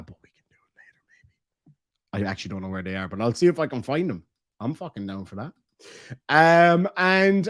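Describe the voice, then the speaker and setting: An Irish man chats on a livestream, reading viewer messages and tossing out crude jokes and banter. His voice sits a little higher than most men's. The sound is dry and close. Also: dry recording. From Ireland. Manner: joking, banter-filled, playfully crude. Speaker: livestream host.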